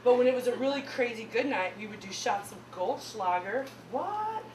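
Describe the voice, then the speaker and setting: A young woman with a Midwestern accent doing an animated stand-up set, laughing at her own punchlines. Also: fairly high pitch, brisk, a loud crowd. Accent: Midwestern American. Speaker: stand-up comedian. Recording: echoey room with mic far off.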